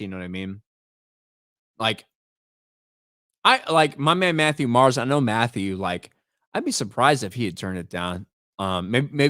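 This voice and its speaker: A man's voice: mid-range voice, a bit bright, no echo. Guy on a live stream ranting casual, swears a lot, stutters into sentences, medium voice, dry close sound. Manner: blunt and profane, repeats words when starting sentences; reads chat names and donations aloud. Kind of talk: casual livestream commentary.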